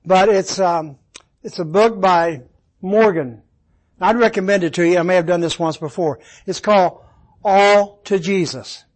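Man, Bible teacher, high voice, asks the class questions, repeats the key points. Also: unhurried, rough recording. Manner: quizzes listeners with questions, repeats key words. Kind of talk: interactive Bible study teaching.

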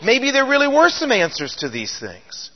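A man's voice: extremely high pitch, wildly swooping pitch, normal speed. A man telling his life story in a sermon, with a folksy, self-deprecating storytelling manner that speaks straight to his audience. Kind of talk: testimony sermon. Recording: dull lo-fi recording in a reverberant hall.

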